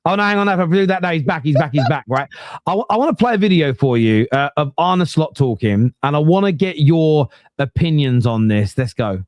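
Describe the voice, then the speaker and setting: A forty-something man hosts a casual football chat. His voice sits a little high and sounds close and dry, and he talks in a laid-back, bantering way. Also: animated, fairly quick, no echo, lo-fi sound. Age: 40s. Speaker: podcast host.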